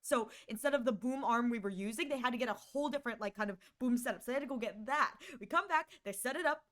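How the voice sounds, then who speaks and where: Speaking into a condenser mic on her stream, this voice actor recounts a story with exasperated, lively energy. Her pitch is fairly high, and she alternates rapid bursts with stretched-out words.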